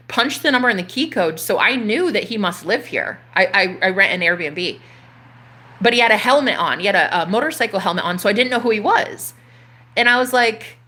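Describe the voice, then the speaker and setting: A woman in her thirties, a spiritual coach, telling a personal story to her viewers in an animated, casual way, swearing freely. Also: mid-range voice. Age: 30s.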